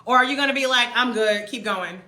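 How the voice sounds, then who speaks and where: A woman's voice: a little high, a little fast, pushed and bright, echoey room. A woman in her thirties live-streaming a motivational talk to her followers, emphatic, repeating her points and calling viewers y'all. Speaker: vlogger livestreaming to followers. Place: room in Mexico.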